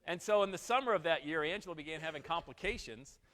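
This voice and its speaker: A man's voice: fairly high pitch, fast talker, long reverb tail. A man in his forties from Western New York, a motivational speaker telling a personal story with jokes and asides to the audience. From Western New York, USA. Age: 40s. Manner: animated, joking asides to the audience. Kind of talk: storytelling keynote talk. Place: event hall.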